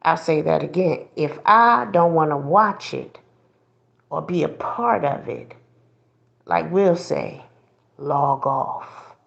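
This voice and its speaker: Woman w/ AAVE ranting slow n blunt on her show, preachy, mocks folks. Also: low voice, gravelly, muffled recording. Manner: blunt, preachy, mocking voices of others. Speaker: host. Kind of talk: casual commentary monologue.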